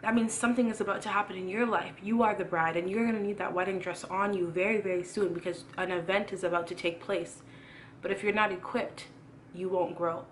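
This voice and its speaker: A woman's voice: mid-range voice, steady tone, a little fast, slight background noise. A young woman giving a casual sermon, earnest and preachy, repeating phrases for emphasis. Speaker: youth Christian vlogger preaching.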